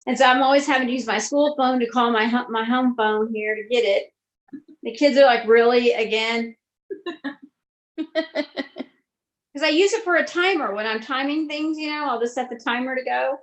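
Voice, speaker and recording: A woman's voice: high-pitched, normal speed, reverberant. A woman who teaches school, telling self-mocking stories in a casual chat over a video call.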